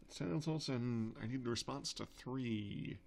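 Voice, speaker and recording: A man's voice: medium pitch, moderate pace, gravelly, over music. A man hosting a let's play, giving casual gameplay commentary in a wry, self-mocking way and reading game lines aloud.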